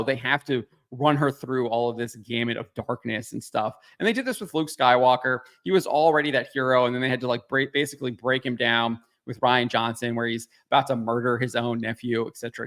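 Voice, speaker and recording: A man's voice: medium pitch, fairly bright tone. Man giving dismissive pop-culture commentary. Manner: critical, dismissive, frequent "uh" fillers. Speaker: commentary channel host. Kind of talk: casual opinion commentary.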